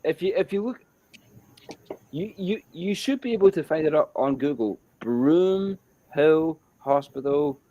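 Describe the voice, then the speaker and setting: A man with a Scottish accent telling a story in a casual chat, animated and repetitive and swearing freely. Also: sits high, moderate pace, pauses often, muffled recording, slight background noise.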